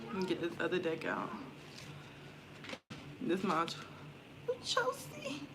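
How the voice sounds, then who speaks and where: This tarot reader and spiritual content creator speaks in a lower voice, very animated yet unhurried, chatting loosely with live stream viewers from home. Her talk is slangy and full of swearing. She's near an open window indoors, and noise from outside filters in.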